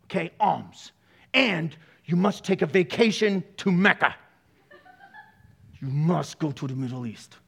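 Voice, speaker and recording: A man's voice: a little high, animated, measured pace, creaky, long pauses, a bit bright, slightly rough. A man pastor giving a sermon, joking, laughing often and throwing sarcastic asides to the congregation.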